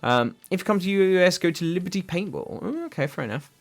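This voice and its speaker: A man's voice: high-pitched, lively intonation, quick pace, gravelly. A young man chatting casually on a livestream, reading viewer comments aloud, rambling with lots of fillers. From England. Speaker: livestream host. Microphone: desk microphone.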